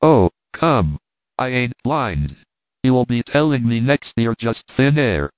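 A man's voice: mid-range voice, animated, takes it slowly, dry recording. A man voicing a bewildered, slangy middle-aged male tramp who blusters through his fright. The sound is thin and tinny. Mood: blustering. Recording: tinny, dry phone-like sound.

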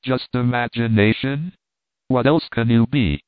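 A man's voice: mid-range voice, measured pace, clear, resonant tone, no echo, lightly acted. A man voicing a bewildered, slangy middle-aged male tramp who blusters through his fright. The sound is thin and tinny. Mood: flustered. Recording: tinny, dry phone-like sound.

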